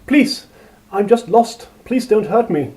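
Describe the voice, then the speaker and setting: A man's voice: sits high, animated, slow pace, mellow, voice pushed up. A man reading aloud, voicing a frightened young woman who pleads in fear. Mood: pleading. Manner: pleading, crying.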